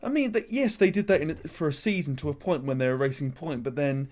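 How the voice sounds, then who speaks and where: A man co-hosting a chatty sports podcast, opinionated and animated, reading out news. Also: a little high, fast. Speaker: podcast co-host. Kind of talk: casual chat, reading news.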